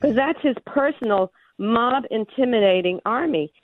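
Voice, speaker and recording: A woman's voice: on the high side, expressive, moderate pace, dry recording. A woman calling a radio show, out of breath and talking in a rambling, emphatic way. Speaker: caller. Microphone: phone. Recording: tinny phone line.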